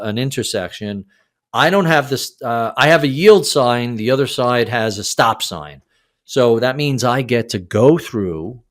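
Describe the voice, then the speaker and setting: A man in his sixties, a podcast guest, telling a story in a casual interview, animated and casually profane. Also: mid-range voice. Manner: animated, acts out quoted lines, swears casually.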